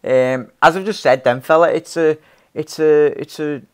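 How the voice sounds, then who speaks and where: A man's voice: a little high, fairly even intonation, moderate pace, a little mellow, clean tone. A young man hosting a casual live stream, reading viewer comments, rambling with frequent laughs and restarts. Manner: rambling, laughs often, many restarts, calls viewers fella and mate. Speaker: fan channel host.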